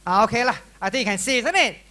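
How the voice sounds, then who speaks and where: Lively Malaysian-accented male teacher. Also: very high-pitched, fast talker. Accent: Malaysian English. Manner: lively, questioning, teasing. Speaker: workshop teacher. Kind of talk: classroom lecture. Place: workshop room.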